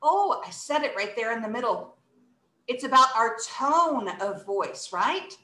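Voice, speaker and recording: Animated woman teacher, echoey room. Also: on the high side, measured pace. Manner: expressive, animated, demonstrates emotions and stress. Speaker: workshop teacher. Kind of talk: online English lesson for children.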